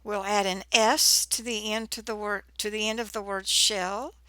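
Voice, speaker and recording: A woman teaching a phonics lesson to children, sounding out words slowly and clearly. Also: medium pitch, steady tone, bright, forceful tone, dry recording. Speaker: reading teacher.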